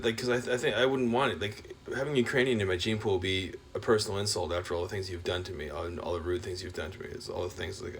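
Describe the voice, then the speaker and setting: A man talking in a rambling, profane monologue rant. He is full of filler words and swings between loud outbursts and low mutters. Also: a little hiss or hum. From Canada.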